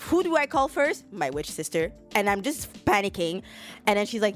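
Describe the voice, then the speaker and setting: A woman's voice: mid-range voice, big pitch swings, moderate pace, faint music behind. A woman hosting a podcast, telling a story in a rambling, profane, casual way. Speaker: podcast host. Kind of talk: casual chat.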